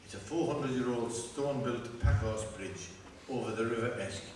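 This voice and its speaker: A man's voice: mid-range voice, normal speed, a little mellow. A man tells a rambling, pun-filled comic story on a festival stage, restarting his phrases as he goes. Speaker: folk singer telling a comic story. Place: festival stage before a live audience. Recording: echoey distant festival recording with noise.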